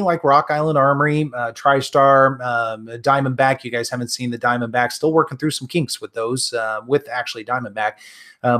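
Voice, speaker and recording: A friendly man with a Midwestern accent, talking loosely through a live stream. His pitch sits in an ordinary middle range, and he stumbles and restarts often, filling gaps with ums and uhs. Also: a bit bright. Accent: Midwestern American. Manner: friendly, rambling, many fillers and restarts. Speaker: gun channel host answering live chat. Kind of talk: casual live-stream chat.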